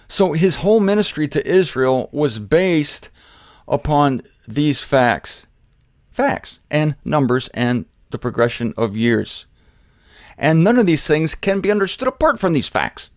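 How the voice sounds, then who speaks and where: A man teaching the Bible in an informal, conversational way, shifting between emphatic bursts and quiet asides and speaking straight to his listeners. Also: mid-range voice, creaky, no echo, clean studio sound. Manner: conversational, jokey, addresses listeners directly. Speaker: preacher.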